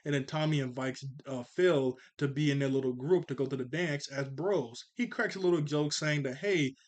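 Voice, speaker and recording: A man's voice: mid-range voice, normal speed, darkish tone. A young man giving a casual, playful recap of a cartoon episode, laughing often as he talks. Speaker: cartoon reviewer.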